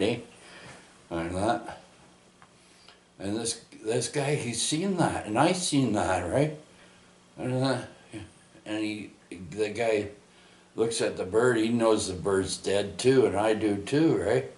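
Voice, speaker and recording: Speaking slowly in a lowish, darkish voice, a man rambles through his personal testimony with frequent restarts and tags like "eh" and "right." The room is echoey.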